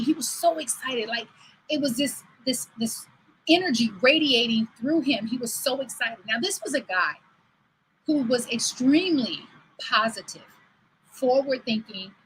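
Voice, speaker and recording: A woman's voice: on the high side, normal speed, slight background noise, poor audio. A woman over forty hosting a livestream show, telling stories in a chatty way and acting out what people said. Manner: chatty storytelling, acts out quoted dialogue. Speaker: host. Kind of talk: livestream talk. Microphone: livestream computer mic.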